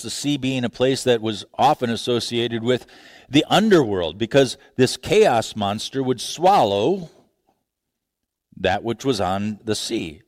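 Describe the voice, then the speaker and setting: Guy preaching a sermon, slow and expressive, dips low then gets loud, dry close sound. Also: no echo. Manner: expressive preaching with big pitch swings, repeated restarts. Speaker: pastor.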